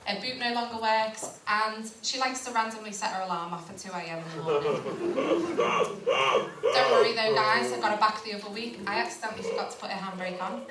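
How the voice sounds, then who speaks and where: A woman's voice: medium pitch, steady tone, a little fast. A woman performing an amateur stand-up set, telling dry stories about her car. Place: packed comedy night venue. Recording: echoey room, far mic, loud noise.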